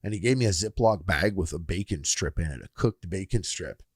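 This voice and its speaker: Animated swearing man telling a story. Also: sits low, brisk, breathy edge, dry recording, clean studio sound. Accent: Canadian. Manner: animated, swearing, acts out quoted people. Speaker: podcast co-host. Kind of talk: casual storytelling chat.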